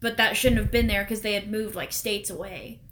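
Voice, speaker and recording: Bright-voiced woman with blunt interjections. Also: medium pitch, normal speed. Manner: short blunt swearing interjections. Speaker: friend chiming in. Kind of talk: casual chat.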